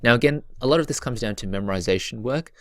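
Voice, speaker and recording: A man's voice: medium pitch, quick pace, a bit bright, no echo. A man teaching a recorded lesson, patient and repetitive, chanting stress patterns aloud to show rhythm.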